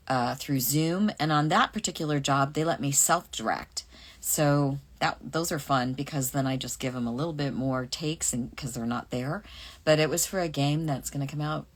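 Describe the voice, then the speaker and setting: A woman's voice: deep voice, a bit bright. A middle-aged voice actress casually answering fan questions on a livestream, reading them aloud and musing over her answers.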